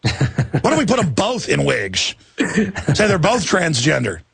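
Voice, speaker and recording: A man's voice: fairly high pitch, wildly swooping pitch, unhurried, gravelly, fairly bright tone, husky, no room sound. A man hosting a talk radio show, ranting sarcastically and laughing at his own jokes while he interviews a guest.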